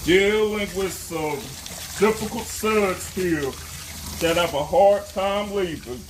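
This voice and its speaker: Background noise is heavy as a high-voiced man records a casual how-to vlog on his phone. He's a homeowner, earnest and devout, who often stammers, halts and corrects himself.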